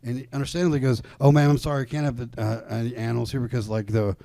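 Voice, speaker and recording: A man's voice: mid-range voice, little pitch movement, racing, creaky, mellow, dry recording. Profane, rambling male storyteller. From Atlanta comedy scene. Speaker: podcast guest. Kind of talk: casual storytelling.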